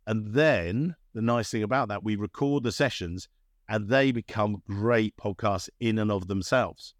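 A man's voice: fairly low pitch, unhurried, dry recording. A man, a company boss talking as a podcast guest in a chatty, rambling way with dry humor. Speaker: podcast guest, recruitment CEO. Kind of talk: casual interview talk.

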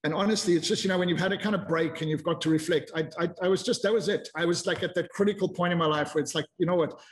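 In a casual interview, a man in his fifties appears as a podcast guest and tells his story candidly and reflectively, often restarting his sentences. His voice sits high with fairly even intonation, and he talks very fast.

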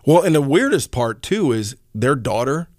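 A man hosting his own podcast in casual chat, rambling and animated, with lots of fillers and the odd curse. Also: mid-range voice, moderate pace, no echo, clean studio sound. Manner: rambling, animated storyteller with frequent fillers and profanity. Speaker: podcast host.

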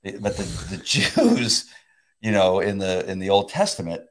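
A man in his fifties talks faith in a casual, excitable way, with frequent laughter and restarts. His voice sits low but swings widely in pitch. He trips over his own sentences when he gets keen. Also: measured pace. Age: 50s. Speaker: co-host.

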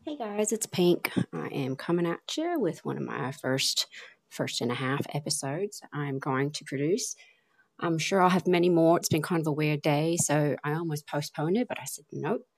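A woman's voice: low-pitched, animated, moderate pace, dry recording. A woman hosting her own podcast, talking in a rambling, heartfelt way with plenty of ums and restarts. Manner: rambling, heartfelt, lots of fillers. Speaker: podcast host. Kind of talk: casual podcast monologue.

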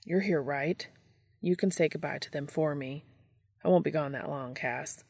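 A woman's voice: low voice, moderate pace, gravelly, darkish tone, breathy edge, no room sound, studio quality, pitched below the performer's own voice, exaggerated voice. Dean, a woman doing a defensive restless hunter. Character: restless, guilty male monster hunter.

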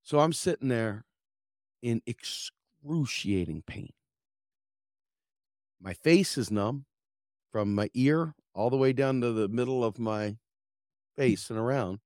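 A man's voice: medium pitch, slow pace, long pauses, no echo, studio quality. A middle-aged American man hosting a podcast, telling a story in a casual rant and acting out the quotes, swearing along the way. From United States. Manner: animated, acts out quotes with swearing. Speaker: podcast host.

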